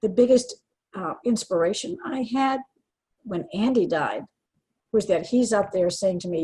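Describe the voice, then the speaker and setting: A woman's voice: mid-range voice, lively intonation, unhurried, dark tone, slightly rough, poor audio. An older woman speaking earnestly and from the heart as an interview guest, with frequent restarts. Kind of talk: emotional personal interview.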